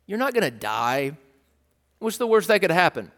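A preacher doing a sly coaxing serpent. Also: male voice, high voice, sing-song, normal speed, a bit bright, full character voice. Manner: wheedling, persuasive, mocking reassurance. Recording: long hall reverb.

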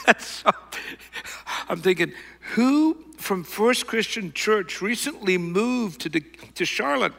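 A middle-aged man telling a self-mocking personal story to an audience, rambling and animated. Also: high-pitched, slow, gravelly, in a large hall.

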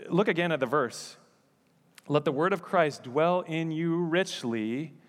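A man's voice: on the high side, measured pace, long reverb tail. A male pastor preaching a sermon in a church, conversational with joking asides. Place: church sanctuary.

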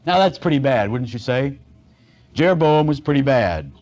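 A man preaching a sermon in a plain, chatty way, with a voice of ordinary middle pitch. He drags out key words to stress them. The recording sounds dull and slightly muffled. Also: animated, a little mellow. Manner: folksy and conversational, slows down to stress points. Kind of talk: sermon, Bible teaching.

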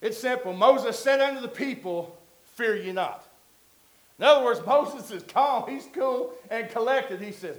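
High-voiced preacher in an echoey hall. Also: male voice, expressive, unhurried. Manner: conversational preaching that builds to loud emphatic peaks. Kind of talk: sermon.

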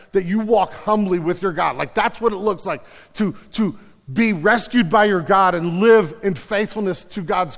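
Preacher man in an echoing hall. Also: sits high. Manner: animated preaching with repeated restarts. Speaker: pastor. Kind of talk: sermon. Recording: long hall reverb.

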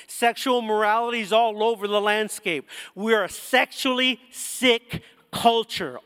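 Pastor guy preaching, high voice, fired-up bursts, long reverb in the church hall. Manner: impassioned preaching with sudden loud peaks. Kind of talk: sermon.

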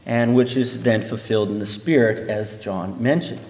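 A man teaching through a Bible passage in an animated way, acting out the voices he quotes. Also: lowish voice, moderate pace, few pauses. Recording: echoey hall reverb.

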